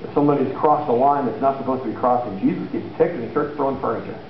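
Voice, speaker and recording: A man's voice: medium pitch, rapid-fire. A man preaching a sermon in a church, telling the story casually and acting out the voices of the people in it. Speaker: pastor. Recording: echoey room, dull lo-fi sound, faint hiss.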